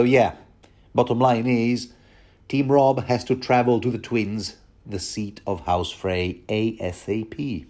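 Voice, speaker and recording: A man's voice: lowish voice, warm tone. A man hosting a rambling, jokey book commentary, full of casual asides and quips to the listener. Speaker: podcast host.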